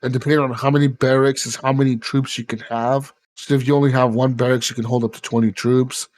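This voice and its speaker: A man's voice: medium pitch, little pitch movement, fast, darkish tone. A man hosting a podcast in casual chat, rambling with lots of fillers and swearing. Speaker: podcast host.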